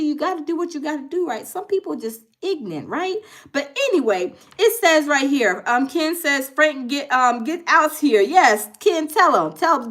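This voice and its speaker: A woman's voice: sits high, animated, moderate pace, fairly bright tone. A woman hosting a casual livestream, talking emphatically and reading viewer comments aloud. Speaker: livestream host. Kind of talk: casual live-stream commentary.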